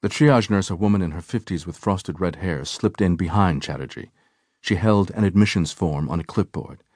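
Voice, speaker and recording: A man narrating an audiobook in a measured, even manner. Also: sits low, no echo, clean studio sound. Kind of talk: scripted narration.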